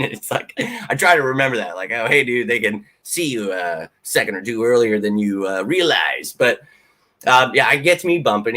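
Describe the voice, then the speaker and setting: A man hosting a live fan Q&A stream, excitable and rambling, swearing freely as he answers viewers. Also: mid-range voice. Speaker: fan channel host. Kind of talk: live Q&A chat.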